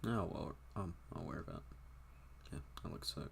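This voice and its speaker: Very low-voiced young man chatting offhand. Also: normal speed, gravelly, fairly bright tone, a little hiss or hum. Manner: rambling, profane, offhand. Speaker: game streamer. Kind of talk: casual livestream chat.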